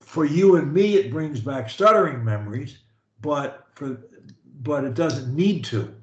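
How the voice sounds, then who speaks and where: A man's voice: a little high, expressive, unhurried, echoey room, lo-fi sound. A male speech coach on a call, encouraging and emphatic.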